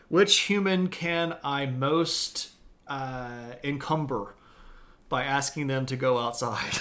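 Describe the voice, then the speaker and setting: A man's voice: medium pitch, fairly bright tone. A man hosting a live-streamed history lecture from home, talking in a casual, chatty way with self-deprecating asides.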